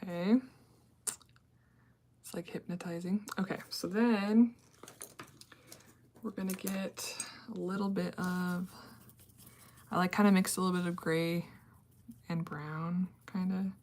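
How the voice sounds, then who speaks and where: A woman giving a casual face-painting tutorial, talking in a relaxed, chatty way as she works at a mirror and sometimes dropping into soft whispers. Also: lowish voice, slow pace, long pauses. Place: indoors at a mirror.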